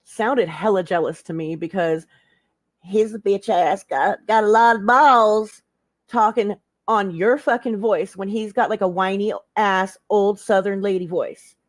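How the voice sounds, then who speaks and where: A woman's voice: mid-range voice, a little slow, no room sound. Chatty woman, slangy and dry-sounding. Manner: chatty, slangy, lots of "like" and "hella". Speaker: panel guest. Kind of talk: casual live-stream chat.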